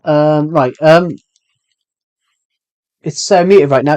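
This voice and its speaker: A man's voice: fairly high pitch, slow, darkish tone, no echo. Hyper young man streaming. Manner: hyper, jokey, rambling, answers chat messages. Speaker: live streamer. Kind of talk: casual live-stream chat while gaming.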